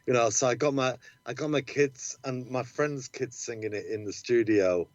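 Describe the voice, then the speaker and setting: A man's voice: mid-range voice, normal speed, no echo. English guy rambling on in a podcast chat, dry dull sound, lots of restarts. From England. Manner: rambling, repeats words, laughs easily. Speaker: musician guest. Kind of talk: casual chat.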